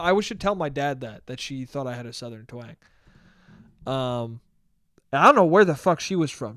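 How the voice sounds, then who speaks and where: A man's voice: fairly high pitch, smooth, no echo, clean studio sound. A man in his twenties hosting a casual solo podcast, rambling and swearing as he laughs at his own jokes. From United States. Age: 20s. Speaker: podcast host.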